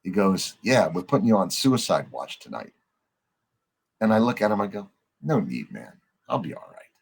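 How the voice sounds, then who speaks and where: A middle-aged man with a husky, slightly low voice tells a story on a podcast. He acts out what the other people in it said and swears casually as he goes. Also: big pitch swings, moderate pace. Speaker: podcast guest.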